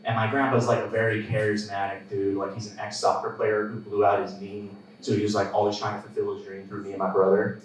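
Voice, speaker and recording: A man's voice: on the low side, little pitch movement, fast talker, heavy reverb, far from the mic, a little hiss or hum, low-quality recording. A young man doing a live stand-up set, telling stories in a casual way with lots of fillers and laughs. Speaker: stand-up comedian. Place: comedy club stage.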